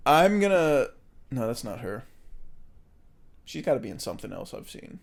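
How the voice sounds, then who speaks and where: A man's voice: medium pitch, big pitch swings, normal speed, vocal fry. A young man co-hosting a podcast, trading movie trivia with a friend, joking, laughing often and muttering asides. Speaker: podcast co-host. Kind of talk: casual banter, movie trivia game.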